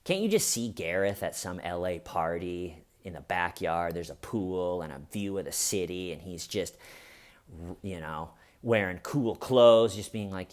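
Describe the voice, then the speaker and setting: A man casually retelling a story on his comedy channel, animated and amused, often restarting his sentences. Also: deep voice, measured pace.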